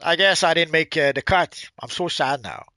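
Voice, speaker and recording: French-Canadian man, bright, rambling. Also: a little high, normal speed, no room sound, studio quality. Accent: Quebec French. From Quebec, Canada. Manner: rambling, answers viewers' chat. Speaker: game streamer. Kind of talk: live-stream chat.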